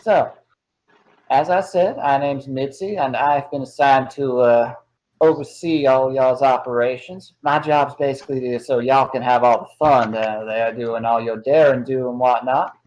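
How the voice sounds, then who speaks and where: Man doing a folksy Southern cat-lady clerk for a tabletop game: gentle, chatty, drawling. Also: mid-range voice, steady tone, a little slow, close to an everyday voice, poor audio. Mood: friendly. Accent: put-on Southern US drawl. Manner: drawling, hospitable, with y'all and darling.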